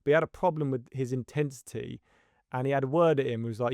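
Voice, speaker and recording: A man co-hosting a podcast, calmly recounting a kids' football tournament in a reflective, easygoing way. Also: mid-range voice, fast, no echo, studio quality. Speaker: podcast co-host and youth football coach. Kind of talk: casual podcast chat.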